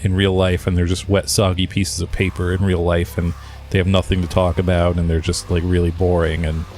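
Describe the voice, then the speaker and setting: A man's voice: low voice, completely flat delivery, brisk, darkish tone, slight background noise. A man co-hosting a music podcast in casual chat, laid-back and full of "uh"s, with the odd swear word. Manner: laid-back, filler-heavy, profane. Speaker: podcast co-host.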